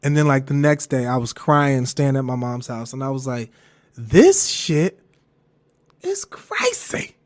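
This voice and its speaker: A young man hosting a podcast and telling a personal story in casual chat, swearing freely, laughing as he goes and jumping into a high falsetto when he quotes himself. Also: normal speed. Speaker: podcast host.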